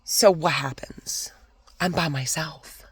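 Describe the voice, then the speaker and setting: A woman's voice: low-pitched, takes it slowly, breathy edge, no echo. A woman vlogger telling a storytime rant about an old job, swinging between fired-up complaints and whispered asides.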